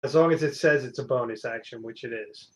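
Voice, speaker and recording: A man's voice: mid-range voice, brisk. A man playing a tabletop game, casually declaring his moves and spells. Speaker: player.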